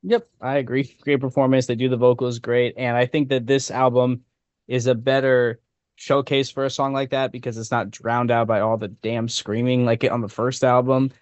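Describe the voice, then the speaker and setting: A man's voice: medium pitch, level tone, moderate pace, darkish tone, clear, resonant tone, no echo. A man co-hosting a music podcast, giving short, agreeable comments. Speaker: podcast co-host. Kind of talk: casual chat. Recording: dull dry lo-fi mic.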